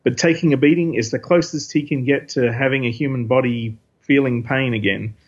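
Brisk and medium-pitched, with a breathy edge, this podcast host casually recaps a comic issue. His review meanders, packed with fillers and quotes read aloud, captured on a dull lo-fi recording.

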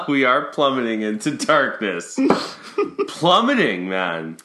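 A man's voice: medium pitch, huge pitch swings, extremely slow, bright, forceful tone, echoey room. A man co-hosting a podcast, telling rowdy stories in casual chat with heavy swearing. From Canada. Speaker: podcast co-host.

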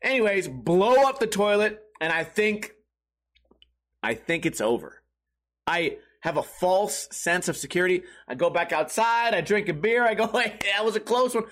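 A man's voice: high-pitched, expressive, moderate pace, fairly bright tone. A man hosting a comedy podcast, telling crude, profane stories in a rambling monologue, laughing at his own jokes and acting out the people in them. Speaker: podcast host.

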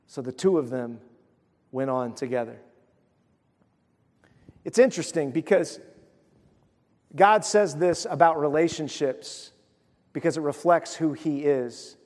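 A pastor with a fairly high, darkish voice preaches a sermon, retelling scripture casually and slipping into voiced asides. He speaks a little slowly and pauses often, his voice ringing out with a long reverb as if in a church sanctuary.

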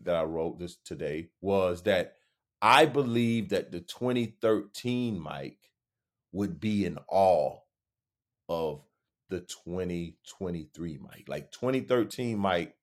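A man hosts a solo podcast. He muses slowly and pokes fun at himself, then swells into sudden emphatic encouragement. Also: fairly low pitch. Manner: musing, self-deprecating, joking asides; slow, drawn-out phrasing with sudden emphatic rises. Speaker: podcast host. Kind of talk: reflective solo monologue.

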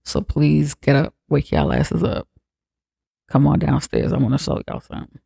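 A man's voice: fairly high pitch, very animated, moderate pace, vocal fry, mellow, breathy edge, no echo, clean studio sound, full character voice. A man voicing a frantic, pushy grieving mother in a casual retelling, pleading and swearing. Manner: pleading, profane, insistent.

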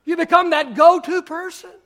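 A male pastor preaching a sermon, repeating phrases for emphasis, shouting some lines and dropping others to a near murmur. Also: very high-pitched, steady tone, normal speed.

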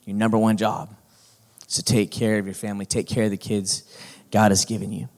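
A man's voice: fairly low pitch, flat delivery, fairly quick, a little mellow. A middle-aged male pastor preaching a sermon in a folksy, conversational manner that builds to emphatic points.

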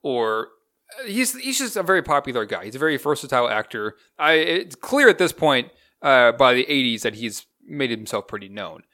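A young man chats through a casual movie review, his pitch rising and falling with lots of energy. He rambles from one tangent to the next while picking the film apart. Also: normal speed. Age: young adult. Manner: animated, rambling, critical. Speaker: movie review podcast co-host.

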